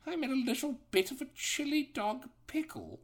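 A man's voice: extremely high pitch, wildly swooping pitch, normal speed, voice pushed up, exaggerated voice. A man voicing a young male fox sidekick in a put-on posh British accent, fussy and pleading.

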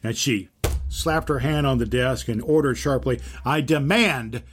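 A man hosting an inspirational podcast, giving an earnest faith-based teaching and telling stories, slowing down to stress key phrases. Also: medium pitch, husky. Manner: earnest, with slowed emphatic phrases and storytelling. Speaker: podcast host and Christian teacher.

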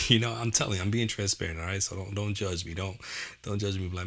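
Male educator, motivational talk, conversational; bright, gravelly delivery. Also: deep voice, steady tone, a little fast. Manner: conversational, frequent "you know" and "okay?" check-ins. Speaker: educator and father. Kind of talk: motivational talk to parents and teachers.

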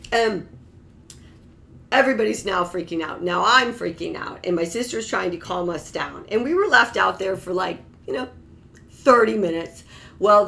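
A woman's voice: mid-range voice, gravelly, a bit bright. A woman telling a personal story in a rambling, casual way, with many restarts and exasperated asides. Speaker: storyteller recounting her childhood.

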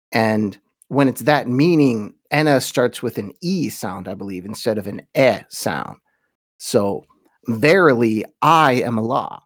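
Male podcast host, mid pitch, measured teacher who lingers over quotations, dry close mic. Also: no room sound. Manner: thoughtful, slows down to read quotations with weight. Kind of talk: informal lecture with read-aloud quotations.

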